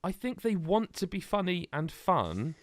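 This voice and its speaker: A man co-hosting a podcast in casual chat, rambling and animated with many restarts. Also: high-pitched, unhurried, no room sound. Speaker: podcast co-host.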